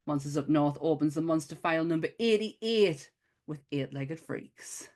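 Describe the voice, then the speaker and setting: A woman with a Northern English accent co-hosting a casual podcast, laughing often and rushing through her scripted intro. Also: low-pitched. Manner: lively, laughs often, reads intros quickly. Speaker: podcast co-host. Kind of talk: casual chat.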